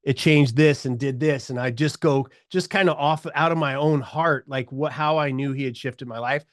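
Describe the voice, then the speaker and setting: A middle-aged man telling his story as a podcast guest, animated, acting out the voices of people he quotes. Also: mid-range voice, normal speed, no room sound, clean studio sound.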